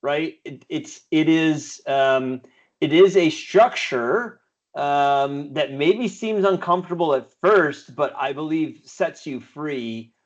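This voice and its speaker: Slightly high-voiced man moderating online. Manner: deliberate, hesitant with fillers. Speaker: session host. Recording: slightly dull sound.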